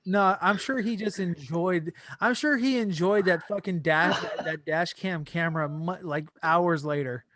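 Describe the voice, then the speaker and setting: A young man hosting a podcast, telling a story in casual chat with animated delivery and plenty of swearing. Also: high voice, unhurried, few pauses, background noise. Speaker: podcast host.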